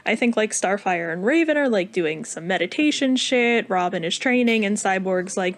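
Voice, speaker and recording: A woman co-hosting a casual podcast, retelling a cartoon episode with lively put-on voices and frequent laughs. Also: mid-range voice, normal speed, hardly any pauses. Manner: animated retelling, acts out characters, laughs often. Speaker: podcast co-host.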